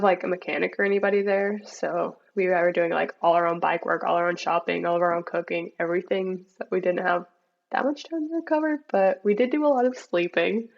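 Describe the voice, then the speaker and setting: Gravelly young woman on a lo-fi call. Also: fairly low pitch. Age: young adult. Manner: relaxed, many likes and ums. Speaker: mountain bike racer, guest. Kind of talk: casual interview chat.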